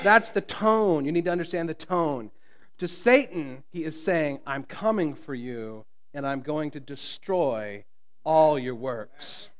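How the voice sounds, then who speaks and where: A man preaching a sermon as pastor, swinging from loud, booming lines to quiet hushed ones and joking with the congregation. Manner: jokes with the congregation. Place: church.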